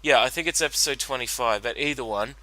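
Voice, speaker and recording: A man's voice: mid-range voice, fast, pushed and bright, dry recording, poor audio. A man giving a solo commentary on a cartoon episode, rambling with many fillers and restarts. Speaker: reaction commentator.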